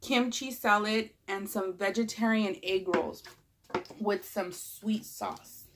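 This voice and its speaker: A woman's voice: mid-range voice, takes it slowly, noisy background. Young woman, Californian accent, stuffed-up nose, rambling vlog chat, plenty of fillers. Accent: Californian English. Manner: rambling, chatty, lots of "like" and fillers. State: stuffed up from a cold. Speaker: vlogger. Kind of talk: casual eating vlog chat.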